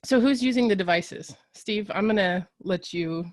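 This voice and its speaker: A woman from Texas hosts a webinar with bubbly, chatty energy. Her voice is mid-pitched and sounds dry and close. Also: moderate pace, dry recording. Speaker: webinar host. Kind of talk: casual webinar hosting.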